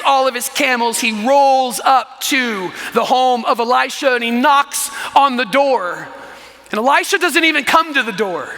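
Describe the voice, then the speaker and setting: Bright high-voiced pastor in a reverberant church. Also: male voice. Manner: animated storytelling with frequent "right?" asides. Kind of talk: sermon. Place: church sanctuary.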